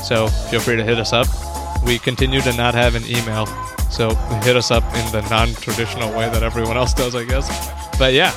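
A man's voice: medium pitch, little pitch movement, a little fast, music in the background. A young man hosting a podcast, joking and laughing often in casual chat. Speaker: podcast host.

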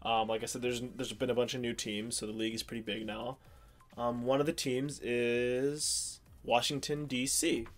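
With faint music behind him, a young podcast co-host from around Pittsburgh talks at normal speed in a flat, medium-pitched voice. His casual chat wanders, peppered with ums and restarts.

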